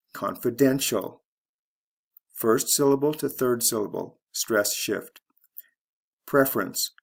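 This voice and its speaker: A man teaching English pronunciation, explaining word stress slowly and deliberately and spelling out letters one by one. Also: medium pitch, vocal fry, slightly rough. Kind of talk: slow instructional explanation.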